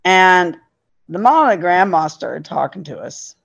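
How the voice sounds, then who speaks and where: A woman's voice: on the low side, expressive, measured pace, vocal fry, a bit bright. A middle-aged woman, a podcast guest and parent, telling a story in an earnest, emphatic way. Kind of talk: casual storytelling. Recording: dull lo-fi sound.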